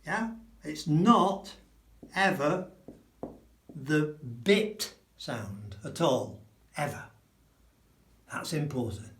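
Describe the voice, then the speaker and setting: A middle-aged man from England teaching Spanish pronunciation, slow and emphatic, repeating sounds to demonstrate them. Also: fairly high pitch, big pitch swings, fairly bright tone. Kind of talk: spoken language lesson. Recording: echoey room.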